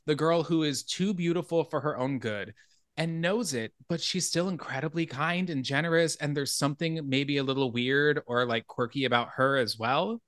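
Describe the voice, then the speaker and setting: A man hosting a horror film podcast, walking through movie scenes in a lively, casual retelling with quick asides. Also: fairly high pitch, no room sound, clean studio sound. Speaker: podcast host.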